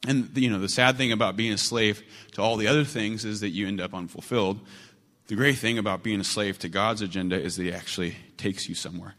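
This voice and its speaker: A man's voice: on the low side, fairly even intonation, fast talker, a bit bright, big-room sound. A man preaching a sermon as pastor, in a conversational, earnest way.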